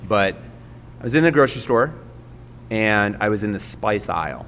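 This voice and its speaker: A man's voice: fairly low pitch, animated, moderate pace, fairly bright tone, in a large hall, slight background noise. A man, a podcast guest, telling a story in a self-mocking way and laughing often. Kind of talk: casual storytelling.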